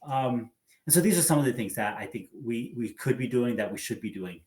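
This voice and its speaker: A man's voice: mid-range voice, animated, a little fast, darkish tone. Earnest man guest in a roomy room. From United States. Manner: earnest, hopeful, repeats words. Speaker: guest, epidemiologist. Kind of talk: casual interview chat. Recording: roomy echo.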